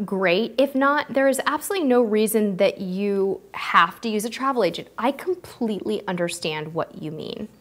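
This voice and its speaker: A woman hosting a live cruise-advice stream, answering viewer questions and thanking supporters in a chatty, heartfelt way. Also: fairly high pitch. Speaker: cruise show host. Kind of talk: live-stream Q&A, casual chat.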